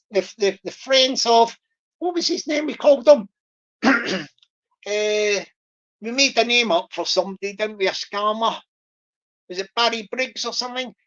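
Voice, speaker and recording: A woman's voice: a little high, muffled recording. A woman hosting a playful livestream, joking, repeating herself and greeting viewers by name. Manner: jokey, repetitive, greets viewers by name, laughs often. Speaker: livestream host.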